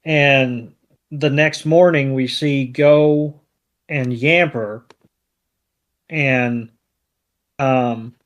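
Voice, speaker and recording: Man, podcast co-host, relaxed unhurried recap, filler-heavy, mid pitch. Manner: laid-back, lots of ums and you-knows. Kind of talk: casual episode recap.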